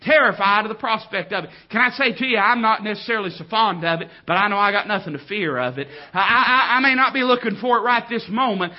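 A man preaching a sermon, dropping to quiet tones and rising to loud, drawn-out exclamations. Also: high voice, lively intonation, muffled recording.

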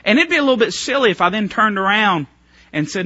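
A man preaching a sermon as pastor, fervent and stop-start, swinging from soft to loud. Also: high-pitched, lively intonation, fast talker, dry recording, highs cut off.

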